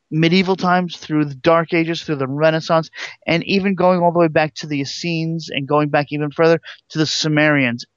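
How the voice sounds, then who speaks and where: A man's voice: fairly high pitch, a bit bright, no room sound, lo-fi sound. A man co-hosting a casual call-in talk show, rambling earnestly with frequent restarts. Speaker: co-host. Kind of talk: casual radio-style call-in chat.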